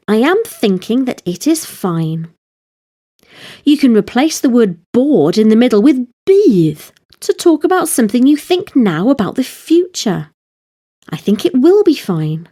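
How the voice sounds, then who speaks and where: A woman narrating a scripted language lesson, explaining grammar slowly and carefully, step by step. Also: on the high side, sing-song, warm tone. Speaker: Welsh language teacher.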